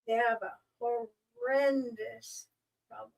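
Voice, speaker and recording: Gravelly co-host with dry pushback. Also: female voice, on the high side, steady tone, takes it slowly, rough recording. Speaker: co-host reading viewer messages.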